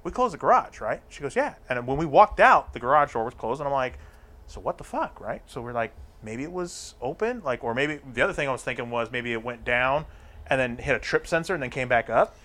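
A man's voice: medium pitch, expressive, a little fast, sharp tone. A man telling a crude, profane story in casual chat, acting out the lines of the people in it.

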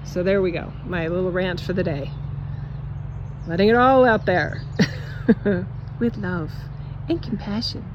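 Woman, spiritual coach, outdoor vlog; blunt, swearing, laughing pep talk with a soft hiss of outdoor air behind. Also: on the low side, unhurried, pauses often, lo-fi sound. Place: outdoors in a yard.

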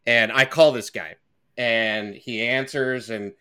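A man's voice: medium pitch, steady tone, slow, bright, forceful tone, smooth. A man on a podcast telling a story in a heated, profane, casual way. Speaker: podcast co-host.

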